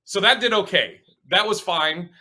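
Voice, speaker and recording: Animated, bright-voiced man telling stories. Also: high-pitched, moderate pace. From Pacific Northwest, US. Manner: animated, laughing, acts out quotes. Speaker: stand-up comedian, guest. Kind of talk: casual interview storytelling.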